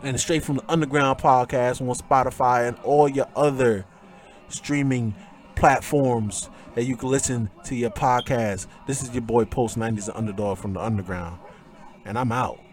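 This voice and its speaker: A man hosts a podcast and recreates the call of a wrestling match, his medium-pitched voice moving at a normal speed. What begins as loud, thrilled commentary becomes hushed and emotional as he chokes up with tears.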